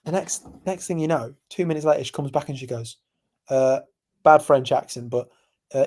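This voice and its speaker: A young man from England, co-hosting a podcast and telling stories animatedly, jumping from loud to hushed. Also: medium pitch, normal speed. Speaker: podcast co-host. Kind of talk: casual chat.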